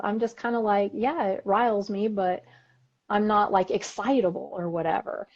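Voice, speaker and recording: A woman's voice: medium pitch, moderate pace. Chatty Texan woman, lo-fi sound. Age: middle-aged. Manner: chatty, storytelling, lively voices for quoted people. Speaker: podcast co-host. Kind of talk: casual chat. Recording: dull lo-fi audio.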